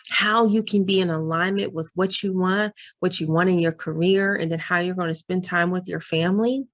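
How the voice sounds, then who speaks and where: Earnest woman coaching working moms. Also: fairly low pitch. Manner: earnest, encouraging, speaks to viewers as "y'all". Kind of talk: direct-to-camera advice vlog.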